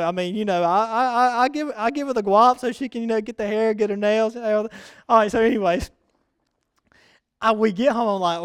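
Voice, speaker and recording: A man preaching a sermon, chatting casually with the congregation and building to loud, rousing repetition. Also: sits high, clean tone, no echo. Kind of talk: sermon with personal storytelling.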